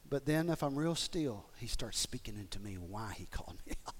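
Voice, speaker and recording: A man preaching a sermon as pastor, moving between hushed whispers and loud, fervent exhortation, repeating phrases and stumbling over restarts. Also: medium pitch, expressive, brisk, hardly any pauses, breathy edge.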